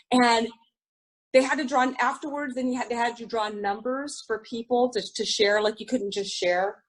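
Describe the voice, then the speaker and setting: A woman's voice: a little high, steady tone, moderate pace, low-quality recording. A middle-aged woman speaking frankly and confessionally at a recovery group, swearing freely and restarting her sentences. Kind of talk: candid recovery group share.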